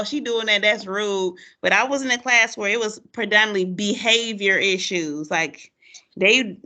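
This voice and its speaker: A woman, hosting a casual chat and acting out her students' lines as she tells stories, laughing often. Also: on the high side. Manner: animated storyteller, acts out quotes, laughs often. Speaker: podcast host, former teacher.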